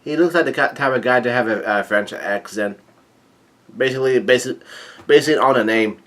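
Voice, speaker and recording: Halting man reading a comic aloud. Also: mid-range voice, fairly bright tone. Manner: halting, many fillers and restarts; reads dialogue aloud with light commentary. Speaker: manga chapter reader. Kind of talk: casual manga read-through.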